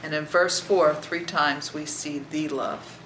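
A Bible teacher reads scripture aloud and explains it verse by verse, often asking "okay?" and sometimes dropping to a soft near-whisper. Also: mid-range voice, fairly even intonation, takes it slowly, reverberant, slight background noise, poor audio. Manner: checks in with listeners by asking "okay?".

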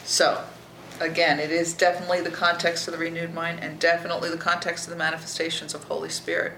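Bible study teacher, gravelly voice, drops to near-whisper, roomy echo, steady background noise. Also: mid-range voice, fast talker. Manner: reads scripture aloud, then explains it verse by verse; checks in with listeners by asking "okay?".

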